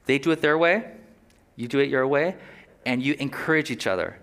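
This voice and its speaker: A man preaching a sermon in a relaxed, conversational way, with quick asides and short laughs. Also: mid-range voice. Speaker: pastor.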